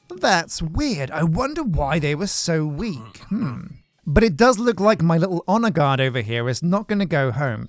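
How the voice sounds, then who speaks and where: Casual gameplay host: man, fairly high voice, joking and rambling, faint music underneath. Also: vocal fry, no echo, clean studio sound. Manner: joking, rambling, self-mocking. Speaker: gaming channel host.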